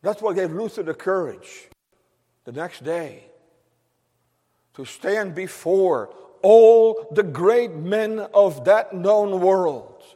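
A man's voice: high voice, animated, takes it slowly, mellow. A man preaching a sermon as pastor, fervent and exclamatory, in a church sanctuary. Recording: long reverb of a large church.

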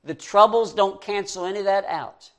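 A man's voice: high voice, normal speed, a bit bright. A man preaching a sermon, reading scripture verse by verse and rising to fervent emphasis.

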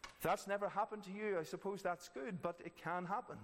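A man's voice: high voice, steady tone, a little fast, a bit bright, slight background noise. A man preaching a sermon earnestly, repeating key phrases for emphasis. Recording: long reverb of a large hall.

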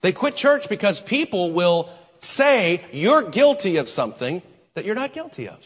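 A man preaches a sermon in a long-echoing church hall, his husky voice rising and falling. He pauses dramatically and swings between loud and soft, with a fairly high, animated pitch. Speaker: pastor.

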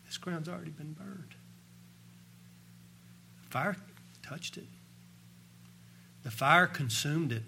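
A man preaching a sermon, telling a story and reading scripture, swinging between loud proclamation and quiet, hushed lines. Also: on the high side, lively intonation, slow pace, gravelly, long pauses, slight background noise.

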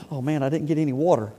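A man's voice: a little high, warm tone, breathy edge. A middle-aged male pastor preaching a sermon, reading scripture aloud and commenting on it with humorous asides and conversational stories. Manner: storytelling, conversational, with restarts. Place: church sanctuary.

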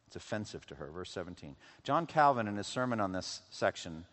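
A man preaching a sermon, swinging from loud, intense passages to hushed, quiet lows. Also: sing-song, brisk. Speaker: pastor. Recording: long hall reverb.

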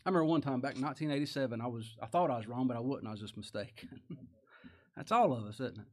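A man preaching a sermon as pastor, chuckling often and rising to loud emphatic bursts. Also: medium pitch, animated, fast.

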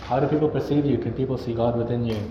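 A man's voice: medium pitch, fairly even intonation, racing, warm tone. A young man preaching a sermon in an earnest, conversational way, now and then acting out sample greetings. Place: church hall. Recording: echoey, dull hall recording with noise.

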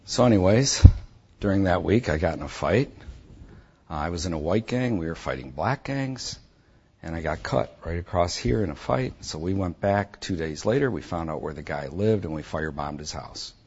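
Husky low-voiced guy telling his story straight and intense, dull lo-fi sound. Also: animated, moderate pace, darkish tone. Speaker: speaker giving a personal testimony. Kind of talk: personal testimony storytelling.

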